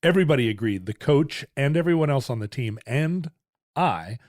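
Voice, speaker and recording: A man's voice: medium pitch, expressive, normal speed, a little mellow, no room sound, clean studio sound. A man from Alaska, co-hosting a podcast and telling rambling, self-deprecating stories in casual chat. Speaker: podcast co-host.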